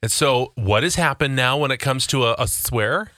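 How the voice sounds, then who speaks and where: A man's voice: medium pitch, moderate pace, sharp tone, dry recording. A man co-hosting a podcast in a studio, chatting and teasing his co-hosts. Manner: playful, teasing. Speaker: podcast co-host. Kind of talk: casual chat.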